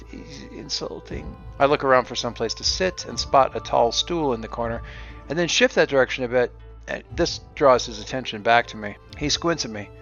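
A man's voice: mid-range voice, a bit bright. A man narrating a solo tabletop role-playing game in a wry storytelling manner, on a dull recording with faint music.

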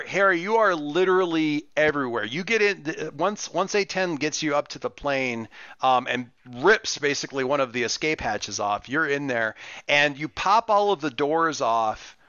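Game master, male, rambling and full of restarts; bright tone, dry, lo-fi online call audio. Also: a little high, clear, resonant tone, dry recording. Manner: rambling, many fillers and restarts. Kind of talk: narrating a tabletop game. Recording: muffled lo-fi voice chat.

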